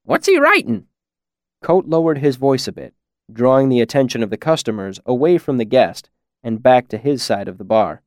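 Guy reading an audiobook, steady, dead dry recording. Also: medium pitch, fairly quick, no room sound. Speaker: audiobook narrator. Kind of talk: audiobook narration.

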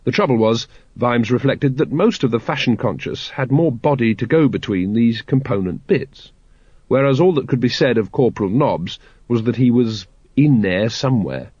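A man narrating a novel in a dry, measured storytelling manner, on a dry, slightly dull recording. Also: medium pitch, animated, darkish tone, husky, no room sound. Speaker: audiobook narrator. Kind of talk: scripted narration.

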